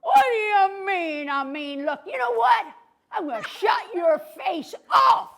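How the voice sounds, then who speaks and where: Brief: grumpy bully cowboy voiced by a woman, gruff and loud, high-pitched. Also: very animated, takes it slowly. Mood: angry. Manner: gruff, threatening, shouting. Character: meanest cowboy in town, grumpy man.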